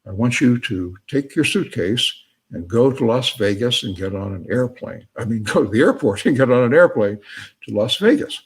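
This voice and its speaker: A man voicing a booming, commanding God who gives orders in a joke. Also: expressive, moderate pace, breathy edge. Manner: loud, insistent orders.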